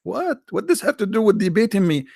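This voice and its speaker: Gravelly man with an Arabic accent, mocking. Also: high voice, very animated, fairly quick, darkish tone, no echo. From Arab world. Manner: mocking, sarcastic, jumps into voices. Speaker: host. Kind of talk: casual commentary.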